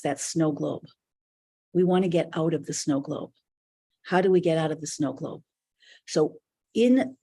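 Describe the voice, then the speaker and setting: A woman's voice: on the low side, dark tone. A woman teaching a live online spiritual class, speaking earnestly in loose, flowing, reflective phrases.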